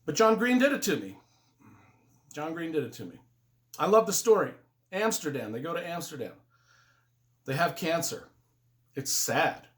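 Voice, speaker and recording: Earnest man with a lively voice. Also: on the high side, moderate pace, pauses often. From United States. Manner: earnest, emotional, rambling with restarts. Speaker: book reviewer. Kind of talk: casual spoken book review.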